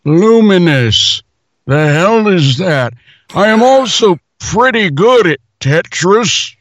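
A man's voice: high voice, lively intonation, fairly bright tone, dry recording, lo-fi sound, pitched above the performer's own voice, exaggerated voice. A man reading a review aloud as a cranky, complaining old man, drawing out his grumbles. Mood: grumpy. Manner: grumpy, complaining, drawn-out.

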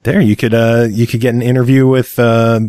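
A man co-hosting a casual podcast chat, dropping quick jokes and asides. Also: medium pitch, level tone, warm tone, clean tone, dry recording, studio quality.

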